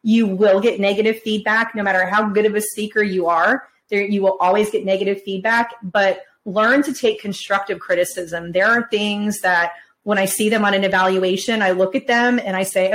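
A woman moderating a casual panel discussion, talking quickly and chattily. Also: medium pitch, steady tone, fairly bright tone, poor audio. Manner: fast-talking, chatty, conversational.

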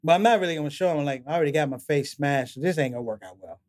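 A middle-aged comedian speaks very fast in a slightly high voice as a guest on a podcast. His long stories in this relaxed interview are animated, with the people he quotes acted out and punctuated by laughter.

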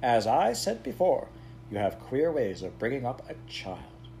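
A gruff elderly admiral, brusque and disapproving, as a male reader voices him. He speaks in short, clipped remarks. Read for a storybook. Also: mid-range voice, big pitch swings, measured pace, mellow, a little hiss or hum, voice pushed up. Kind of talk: audiobook character voice.

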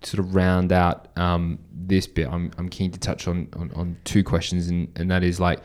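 An Australian man with a low voice hosting a podcast chat. He circles his questions, restarting often before landing on the point. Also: monotone, moderate pace, darkish tone. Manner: hesitant, many fillers and restarts. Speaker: podcast host. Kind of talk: casual chat.

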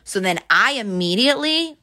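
A young woman in casual chat, retelling a workplace story and acting out what each person said, with a steady stream of "like". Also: on the high side, moderate pace. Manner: animated storyteller, fills with "like", acts out quotes. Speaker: bank teller telling a story.

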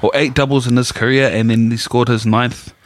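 A man's voice: medium pitch, steady tone, a little fast, no room sound. Laid-back New man telling stories. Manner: rambling storyteller, laid-back slang. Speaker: podcast co-host. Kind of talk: casual chat.

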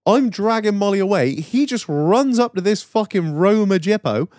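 A man's voice: high-pitched, animated, normal speed, a little mellow, no echo. A man hosts a casual podcast in a raised, swooping voice. He tells anecdotes full of swearing and laughter. The dry close mic leaves no room sound. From Manchester, England. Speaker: podcast host.

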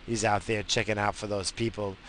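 Man, podcast host, solo rambling monologue, crude and profane, bright tense voice, faint ambient noise. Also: fairly low pitch, little pitch movement, a little fast, low-quality recording. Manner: crude, profane and self-mocking.

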